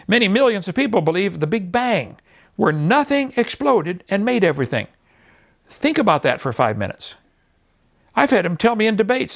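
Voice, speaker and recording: Middle-aged male speaker, gravelly and lively, jokey mocking lecture style. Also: high-pitched. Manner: mocking, jokey and blunt, laughs at his own points. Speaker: creationist speaker. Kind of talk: folksy seminar lecture.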